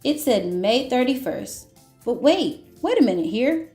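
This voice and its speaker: A woman reading aloud as a once-grumpy grape who has learned to forgive, in a gentle, reflective storybook manner. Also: on the high side, big pitch swings, measured pace, roomy sound, faint music behind. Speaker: children's book reader. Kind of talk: picture book read-aloud.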